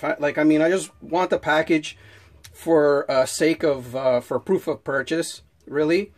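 A man's voice: fairly high pitch, steady tone, a little slow, a little mellow. A man giving a casual unboxing review, rambling with many restarts and fillers and getting worked up as he rants. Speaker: knife reviewer.

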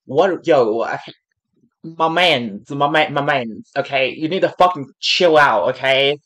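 A woman hosting a reaction channel, talking in an excitable, casual way with lots of swearing and filler words. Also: deep voice, unhurried. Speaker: YouTube reaction channel host.

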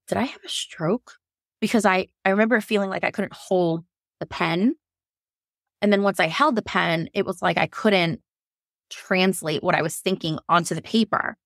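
A young woman, a nurse and podcast guest, candidly telling a personal story in a lively way, acting out what people said and laughing often. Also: mid-range voice, moderate pace, creaky, no echo, studio quality. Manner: lively, quotes herself, frequent laughs.

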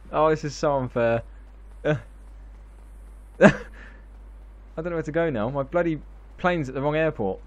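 A man, excitably narrating gameplay and laughing constantly between exclamations and swearing. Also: fairly high pitch, measured pace, pauses often, dull audio. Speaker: gaming video host. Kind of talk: excitable live gameplay chat.

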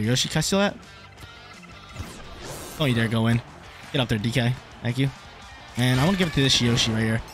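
A young man giving live commentary over his own online soccer game, excitable and swinging between hype and frustration. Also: mid-range voice. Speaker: gaming YouTuber.

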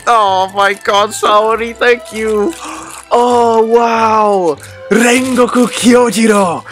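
A man hosting an unboxing video speaks in a notably high voice, heaping on thanks and disbelieving exclamations. His delivery is gushing and full of repeated outbursts. Faint music plays behind him. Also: steady tone, very slow, a bit bright. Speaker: unboxing host. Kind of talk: excited unboxing vlog.

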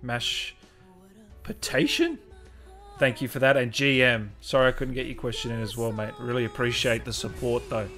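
Bright-voiced, chatty male host. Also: medium pitch, normal speed, soft background music. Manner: upbeat, chatty, reads out viewer names. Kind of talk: livestream chat.

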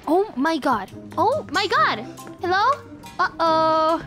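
A woman's voice: extremely high pitch, very animated, takes it slowly, pushed and bright. A woman streamer giving playful gameplay commentary, shrieking and laughing often, with game music behind her.

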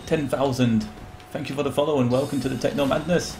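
Excitable man streaming a game. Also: mid-range voice, fast talker, hardly any pauses, faint music behind. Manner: excitable, chatty, greets viewers by name. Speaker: live-streamer. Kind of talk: casual live game commentary.

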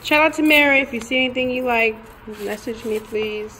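A woman's voice: fairly high pitch, a little fast, sharp tone, a little hiss or hum, poor audio. A woman chatting casually on a vlog beside her partner, giggly and talkative. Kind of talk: casual chat.

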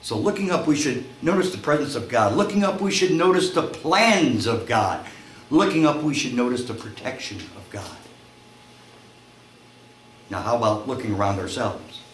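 A male pastor preaching a sermon, telling a story and acting out its voices, climbing to shouts at the high points. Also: expressive, normal speed. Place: church sanctuary. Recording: echoey church room, faint noise.

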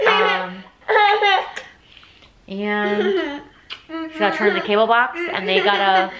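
A woman's voice: on the high side, big pitch swings, takes it slowly, dull audio, over a noisy crowd. A young woman vlogging at home at night, chatty and emotional, close to tears, with lots of "like"s. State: teary. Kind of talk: casual nighttime vlog chat. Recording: loud background noise.

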